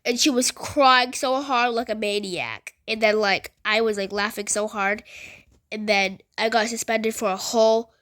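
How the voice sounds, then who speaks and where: A woman telling a story in a casual, rambling way, full of fillers and animated retellings. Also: fairly high pitch, measured pace.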